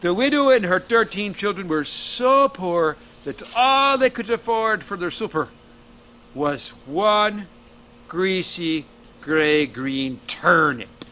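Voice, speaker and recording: A man's voice: sits high, expressive, slow pace, bright, forceful tone, slight background noise. A man telling a folk tale to an audience in a folksy, jokey way, with asides to his listeners. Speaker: storyteller.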